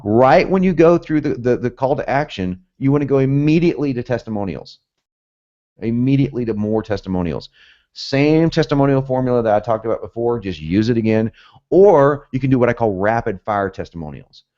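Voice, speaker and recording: A man with a mixed Southern and Northern American accent, teaching a recorded marketing course in an animated, salesy way with sudden loud emphasis. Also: medium pitch, muffled recording. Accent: mix of Southern and Northern US. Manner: animated, salesy, jumps up loudly on key phrases. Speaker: marketing instructor.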